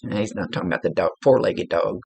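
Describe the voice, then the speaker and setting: A woman psychic medium talks through a reading in a relaxed, chatty way, blunt and quick to laugh. Her voice is gravelly and husky. The sound is close and dry, with no room around it. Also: a bass voice, no echo. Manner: chatty and blunt, laughs often, swears casually. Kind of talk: casual spoken reading for a client. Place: indoors at a table.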